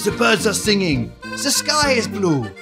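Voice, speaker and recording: A man's voice: high-pitched, wildly swooping pitch, a little slow, gravelly, music in the background, heavily acted. A man playing an indignant French husband with a mock French accent, in a comedy sketch. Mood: smug. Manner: theatrical, exaggerated outrage.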